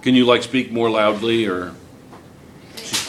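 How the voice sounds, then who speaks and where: A man's voice: on the low side, unhurried, heavy background noise. An older man teaching a chemistry lesson to a classroom of students, teasing them between explanations. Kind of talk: classroom lecture.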